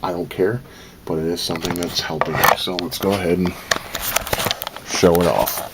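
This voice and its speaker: Man, very low voice, home vlogger, breathless, loose and rambling with cursing rants. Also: flat delivery, moderate pace, heavy background noise. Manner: rambling, frequent ums, profane venting. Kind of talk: casual vlog monologue.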